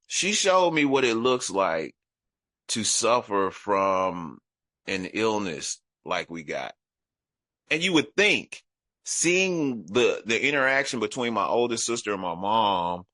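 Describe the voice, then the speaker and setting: Man from Dallas with a lilt, bright forceful tone, dry close sound; an animated recovery share. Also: medium pitch, no room sound. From Dallas, Texas. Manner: animated storytelling, acts out voices of family; frequent fillers like "you know". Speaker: recovery meeting speaker.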